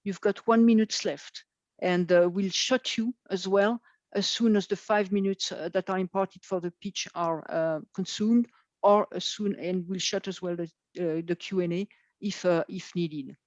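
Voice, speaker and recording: A woman moderating an online event, speaking haltingly with many filler sounds. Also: lowish voice, steady tone, darkish tone, dry recording. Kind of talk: hesitant live announcements. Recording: dull lo-fi video call audio.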